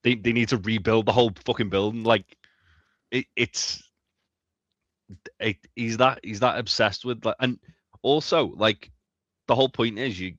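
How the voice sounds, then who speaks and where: Lower-voiced man, lo-fi sound. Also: fairly bright tone, dry recording. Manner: rambling, emphatic, swears freely. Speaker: podcast co-host. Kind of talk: casual TV recap chat. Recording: dull, lo-fi, dry sound.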